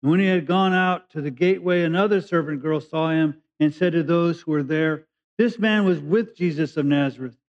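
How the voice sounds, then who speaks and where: A pastor from California moves briskly through a conversational sermon, reading Bible verses and then explaining them simply. His voice is a bit high, he emphasizes key words, and the recording is dull and lo-fi.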